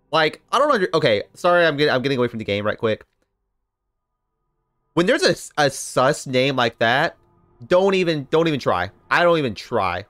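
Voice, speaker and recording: Chatty male streamer, swears freely. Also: mid-range voice. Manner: animated, swears, talks to chat. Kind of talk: casual live-stream game commentary.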